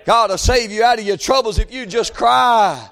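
A male preacher, delivering a rhythmic sermon that swings between shouted pleas and half-sung lines. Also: very high voice, normal speed, creaky.

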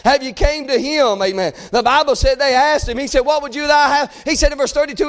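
A man preaching a sermon, swinging between shouted appeals and hushed passages. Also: extremely high pitch, fast talker, few pauses.

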